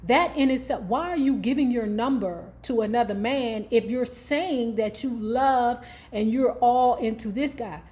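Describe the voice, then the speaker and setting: A woman's voice: a little high, unhurried, darkish tone. Sassy, profane woman dishing book gossip. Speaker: book review vlogger. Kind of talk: casual commentary on a book.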